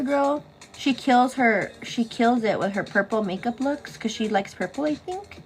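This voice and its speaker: A woman's voice: a little high, expressive, moderate pace, soft background music. A woman hosting a casual get-ready-with-me makeup show, chatting affectionately and greeting viewers in a sing-song way.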